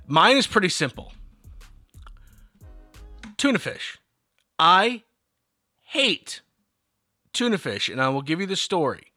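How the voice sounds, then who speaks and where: Young man, podcast co-host, bright voice, dry close sound, animated storyteller. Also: sits high, slow pace, long pauses, no echo, soft background music. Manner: animated storyteller, acts out childhood quotes. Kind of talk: casual chat.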